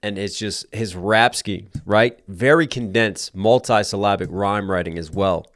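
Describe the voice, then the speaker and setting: A man with a fairly low voice reacts to a rap track, repeating lines and unpacking the rhyme writing. He sounds keen and analytical. The sound is dry and close, with no room echo. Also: a little slow, a bit bright. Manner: analytical; quotes lyrics back and breaks down the rhyme schemes; enthusiastic. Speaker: reaction video host and rapper. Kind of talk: music reaction commentary.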